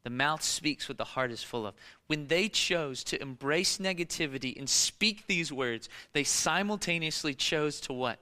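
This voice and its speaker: A man preaching a sermon, animated and conversational, with casual fillers and rhetorical questions. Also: a little high, normal speed, clear, resonant tone, long reverb tail. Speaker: pastor.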